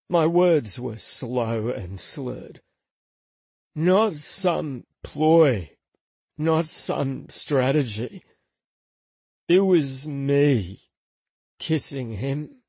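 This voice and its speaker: A man narrates a first-person story in a slow, intimate, confessional tone. His voice is husky and sits somewhat high for a man. The close, dry recording has no room echo. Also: expressive, darkish tone. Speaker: audiobook narrator.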